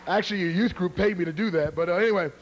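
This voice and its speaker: A joking, energetic evangelist with a fairly high male voice, teasing a church congregation before a karate demonstration. He is middle-aged and talks with quick humor and showmanship. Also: slight background noise. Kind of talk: humorous sermon introduction to a live congregation. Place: church before a live audience.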